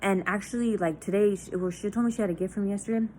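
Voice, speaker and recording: A woman's voice: mid-range voice, fairly even intonation, rapid-fire, warm tone, a little hiss or hum. A young woman talking candidly in a personal diary vlog, raw and confessional, swearing often and full of fillers. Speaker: vlogger.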